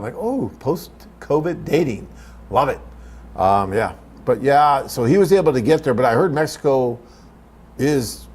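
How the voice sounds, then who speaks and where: A man's voice: lowish voice, a little hiss or hum. A middle-aged man hosting a live webcast, chatting casually and reading viewer questions, rambling with fillers and restarts. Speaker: host of a live web cast for a dating agency.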